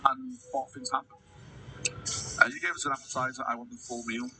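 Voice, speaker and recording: A man's voice: mid-range voice, steady tone, brisk, pushed and bright, distant mic, a little hiss or hum, low-quality recording. A man chatting casually on a livestream, answering viewers, calling them mate and swearing freely. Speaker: livestreamer reading chat.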